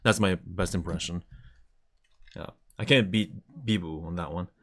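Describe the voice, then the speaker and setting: A man's voice: sits low, normal speed, fairly bright tone. A man chatting casually on a live stream, enthusiastically showing items to the camera.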